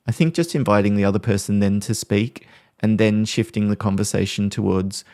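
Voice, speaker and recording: A man hosting a podcast, calmly explaining ways to handle conflict with examples from family life. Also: on the low side, moderate pace, no room sound, clean studio sound. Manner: calm, explanatory, talks through examples. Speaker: podcast host. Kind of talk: podcast talk on parenting conflict.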